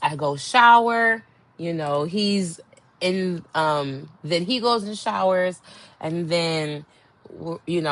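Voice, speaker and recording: A young woman hosting a podcast, telling a candid story in a blunt, exasperated way, dropping to low murmurs and jumping to high outbursts. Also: takes it slowly, fairly bright tone. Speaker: podcast host.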